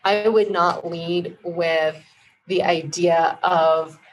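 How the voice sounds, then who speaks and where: A woman who founded a marketing agency, a guest in an interview, explaining ideas in a measured, teacherly way with examples. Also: fairly low pitch, steady tone, a little hiss or hum, low-quality recording. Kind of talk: casual interview chat.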